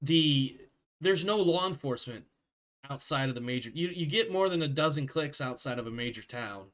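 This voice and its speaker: A man acting as game master, rambling through his narration and laughing easily. His voice sits a little higher than most men's. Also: lively intonation, moderate pace, fairly bright tone.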